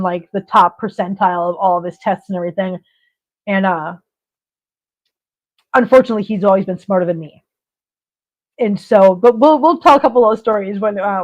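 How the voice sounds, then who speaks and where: The voice is medium-pitched with a darkish tone, belonging to a middle-aged woman hosting a casual livestream. She laughs often while telling stories in a chatty way, and the audio is dull and lo-fi.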